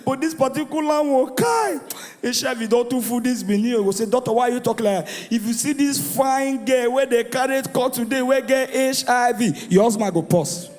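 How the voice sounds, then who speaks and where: A man with a Nigerian accent doing a stand-up comedy routine, animated and shouting his punchlines while acting out the voices in his jokes. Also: very high voice, moderate pace, faint music behind. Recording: live venue with long reverb.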